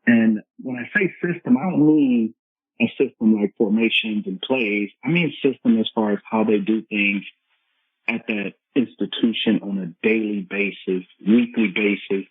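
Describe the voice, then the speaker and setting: Husky man on a tinny phone line. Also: fairly low pitch, no echo. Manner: earnest, repetitive explaining. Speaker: football coach, guest. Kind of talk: conversational podcast interview.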